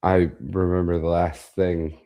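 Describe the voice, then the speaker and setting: Very deep-voiced man telling a profane story. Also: level tone, measured pace, highs cut off. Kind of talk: casual chat, storytelling.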